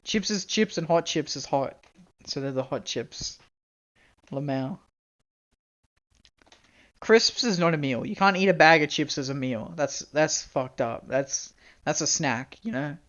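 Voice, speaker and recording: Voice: medium pitch, animated, measured pace, long pauses, fairly bright tone, highs cut off. A young adult Australian live streamer chatting casually and rambling, laughing often and swearing freely.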